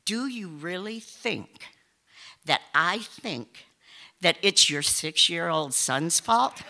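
A woman's voice: on the low side, expressive, takes it slowly, creaky, pushed and bright, exaggerated voice. A woman voicing a stern male school principal who scolds in a dry, clipped way.

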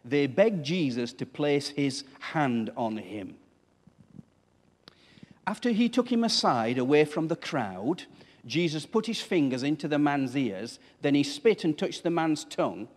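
A man's voice: on the high side, sing-song, unhurried. Man preaching a sermon in a reverberant church. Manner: conversational, asks the congregation questions. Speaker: pastor.

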